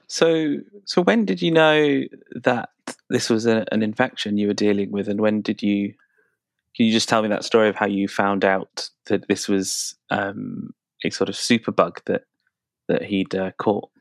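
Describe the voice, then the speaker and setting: Low-pitched guy asking questions, kinda halting, dry sound. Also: steady tone, no room sound. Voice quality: hesitant, repeats words while framing questions. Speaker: interviewer. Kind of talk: conversational interview.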